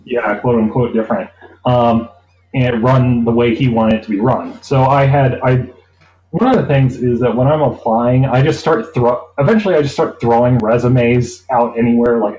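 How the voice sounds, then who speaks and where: A man telling a long anecdote in a relaxed interview, rambling and acting out the people he quotes. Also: medium pitch, normal speed, lo-fi sound. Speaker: interview guest. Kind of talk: casual storytelling. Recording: roomy echo.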